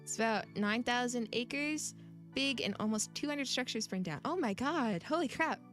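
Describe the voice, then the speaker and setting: A woman's voice: fairly high pitch, lively intonation, moderate pace, fairly bright tone. Giggly woman streamer chatting over music. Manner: giggly, rambling, chatty with viewers. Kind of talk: casual live-stream chat and game reading.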